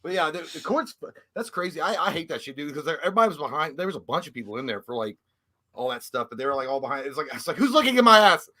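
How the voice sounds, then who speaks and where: Fast-talking bright-voiced man. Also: fairly high pitch, expressive. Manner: crude, joking storyteller, acts out quotes. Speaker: podcast co-host. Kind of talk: casual chat.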